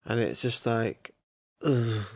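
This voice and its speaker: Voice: mid-range voice, fairly even intonation, takes it slowly, a little mellow. A podcast co-host in casual chat, blunt, opinionated and given to swearing. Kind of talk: casual chat reviewing an episode.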